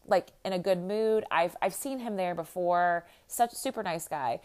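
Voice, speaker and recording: A woman's voice: mid-range voice, moderate pace, a little mellow, clear, resonant tone. A middle-aged woman from the American Midwest, hosting and talking casually to her listeners as a life coach, in a chatty, upbeat way full of "like" and "you know.". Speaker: podcast host and life coach.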